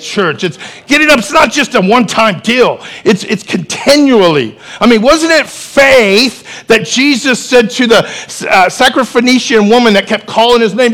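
A man preaching to his church in an animated way, with joking asides and calls for the congregation to respond. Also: extremely high pitch, moderate pace, few pauses. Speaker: pastor. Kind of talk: sermon.

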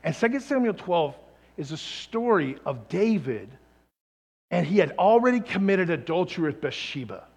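A man preaching a sermon, telling a story dramatically and swinging from loud calls to hushed tones. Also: high voice, sing-song, normal speed, breathy edge. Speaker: pastor. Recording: long hall reverb.

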